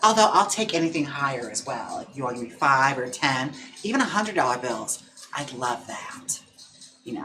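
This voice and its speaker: Campy, chatty drag queen, bright voice. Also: fairly high pitch. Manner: chatty, campy, playful asides to viewers. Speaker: drag queen livestream host. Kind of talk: casual livestream chat. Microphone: own mic.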